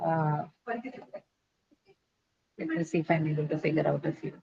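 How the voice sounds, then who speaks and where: A woman's voice: low voice, flat delivery, normal speed, creaky, mellow, husky, muffled recording. A woman teaching an English class, explaining patiently with frequent fillers and check-in questions. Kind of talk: online class lecture.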